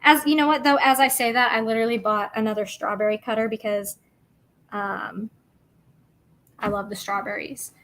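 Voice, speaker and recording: A woman's voice: on the high side, steady tone, moderate pace, fairly bright tone, a little hiss or hum. A young woman chatting casually and bubbly on a craft livestream, rambling with many fillers.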